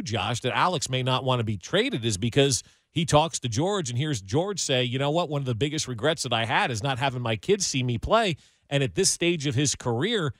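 A man's voice: medium pitch, no room sound, studio quality. Talkative sports radio host, man.

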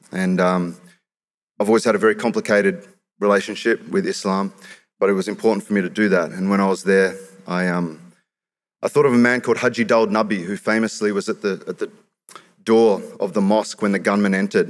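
A man with an Australian accent performing spoken-word poetry on stage, with a rhythmic, punchy delivery that rises to shouts. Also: deep voice. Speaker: performance poet. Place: stage in a large hall. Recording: reverberant hall with live audience.

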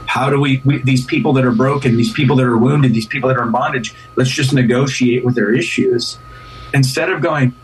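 A man's voice: medium pitch, steady tone, brisk, slightly rough, recorded from a distance, rough recording. A man who is a pastor, speaking as a guest in an earnest, casual interview, often repeating and restarting words.

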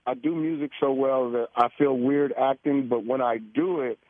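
A man's voice: mid-range voice, fairly even intonation, moderate pace, no room sound. A man, a musician being interviewed on the radio, talking in a casual, rambling way and often asking "you know what I mean". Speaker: musician guest. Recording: tinny phone-like line.

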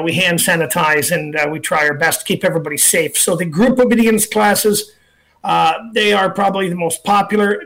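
A middle-aged man hosting a radio show, chatty and relaxed, slowly repeating numbers with plenty of fillers. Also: sits high. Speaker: radio talk show host and dog trainer. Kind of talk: casual radio talk and promotion.

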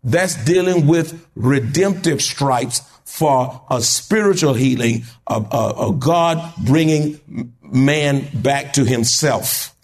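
A man preaching a sermon in a church, calling out to the congregation and building to fervent shouts. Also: mid-range voice, slow. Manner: call-and-response preaching, rising to shouts. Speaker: pastor.

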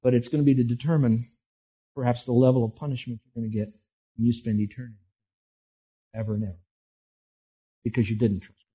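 A man's voice: mid-range voice, level tone, fast, pauses often, mellow, slightly rough. A man preaching a sermon, telling folksy, self-deprecating stories full of restarts before turning to scripture. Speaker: pastor.

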